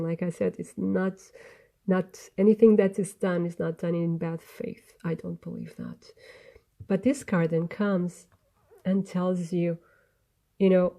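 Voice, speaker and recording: Mellow-voiced woman giving a tarot reading. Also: fairly low pitch. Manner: gentle, earnest, meandering with restarts. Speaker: tarot reader. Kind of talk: spoken tarot reading to camera.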